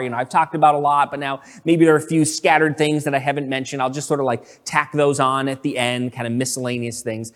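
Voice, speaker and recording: A man's voice: mid-range voice, little pitch movement, fast, hardly any pauses, in a large hall. A man giving a conversational sermon, full of fillers and restarts as he explains a passage. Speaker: preacher.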